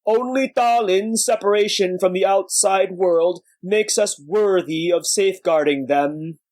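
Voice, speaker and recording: A man voicing a century-old giant warrior monk elder, sad and gruff, speaking slowly and weightily. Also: high voice, darkish tone, no echo, voice pushed up. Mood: solemn. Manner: slow, weighty, sorrowful delivery.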